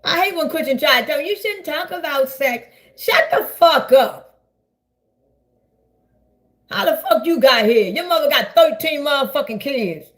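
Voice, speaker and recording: A woman, ranting loudly and profanely to her viewers on a live stream. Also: high-pitched, animated, normal speed. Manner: loud, profane, rambling, talks straight to viewers. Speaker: livestreamer. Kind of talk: casual live-stream rant.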